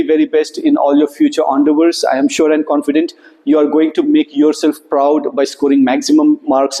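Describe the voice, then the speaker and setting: A man giving a lively motivational workshop to students, often checking in with a rising "okay?". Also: on the high side. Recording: echoey hall recording.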